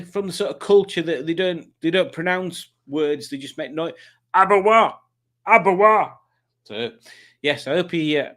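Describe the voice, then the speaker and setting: A man hosting a casual livestream, chatting and teasing as he reads out viewers' comments. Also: mid-range voice. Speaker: livestream host reading chat.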